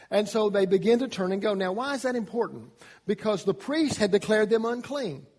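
A man preaching a sermon, emphatic, his voice rising in pitch and loudness on key points. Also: long reverb tail. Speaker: pastor.

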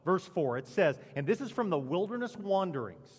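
A man preaching a sermon as pastor, with dramatic emphasis and a lively delivery. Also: a little fast, breathy edge, big-room sound. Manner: animated preaching with dramatic emphasis and lowered punchlines. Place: church sanctuary.

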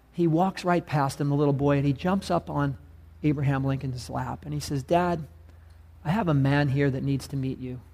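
A man's voice: fairly high pitch, gravelly, mellow. A male preacher delivering a sermon in a conversational, emphatic way, often asking his listeners questions.

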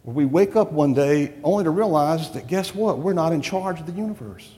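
A male pastor delivers an emphatic sermon, pressing his listeners with rhetorical questions. His voice sits a little high for a man. The sound carries a long reverb from a church hall. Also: expressive, brisk, mellow.

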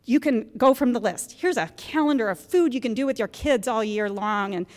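A woman in her fifties speaks to a gathering of mothers in a church gym, telling her own story with candid, self-mocking humor. Her voice sits a little high and she laughs easily. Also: lively intonation, a little fast, in a large hall. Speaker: guest speaker at a moms' group. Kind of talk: personal talk to an audience.

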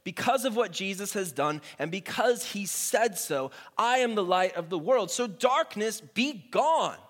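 A man preaching a sermon in a playful, emphatic way, slowing down with dramatic pauses to stress his points. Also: high voice, expressive, a bit bright. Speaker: pastor.

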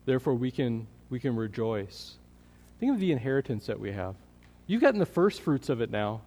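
A man preaching a sermon as pastor, earnest, building in energy and then dropping to a quiet, prayerful tone. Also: mid-range voice, sing-song, brisk. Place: church sanctuary. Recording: long hall reverb.

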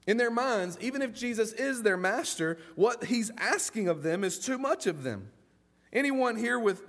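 A pastor delivers his sermon in a lively, folksy manner, frequently voicing the characters in his story. His voice sits high.

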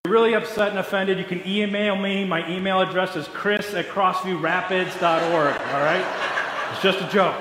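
Male pastor, casual sermon, joking, fairly high voice, roomy hall, faint noise. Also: fairly even intonation, a little fast, few pauses, fairly bright tone.

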